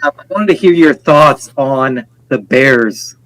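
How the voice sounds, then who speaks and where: A man phones into a livestream with a casual question. He pauses and restarts his sentences as he goes, speaking at an ordinary middle pitch. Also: animated, fairly bright tone, slight background noise, poor audio. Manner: hesitant, restarts phrases. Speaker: caller.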